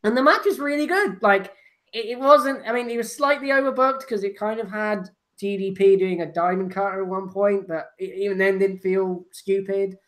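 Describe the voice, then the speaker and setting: A woman co-hosting a casual wrestling chat, rambling and laughing, loud when teased. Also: mid-range voice, normal speed. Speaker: podcast co-host.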